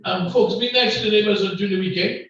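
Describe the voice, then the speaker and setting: Grenadian man, high voice, lively call-and-response preaching, distant muffled recording in a very echoey church hall. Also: fast. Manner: loud, call-and-response, joking with the congregation. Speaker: guest preacher.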